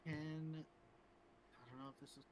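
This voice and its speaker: A man playing a tabletop game, laid-back and joking, speaking quietly. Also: a little high, steady tone, takes it slowly, a little hiss or hum. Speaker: player.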